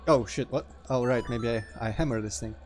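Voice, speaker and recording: A man with a Russian accent chats loosely while he plays, his voice sitting at an ordinary middle pitch. He trails off mid-sentence and breaks into sudden exclamations at the game, over a faint bed of music. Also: brisk. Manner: rambling, self-interrupting, reacts loudly to the game. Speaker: let's play host. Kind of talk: casual gameplay commentary.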